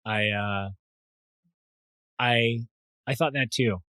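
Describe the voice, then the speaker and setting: A middle-aged man co-hosting a podcast, talking in a quick, chatty way with lots of fillers. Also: mid-range voice, pushed and bright, smooth, dry recording, poor audio. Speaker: podcast co-host. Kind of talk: casual chat.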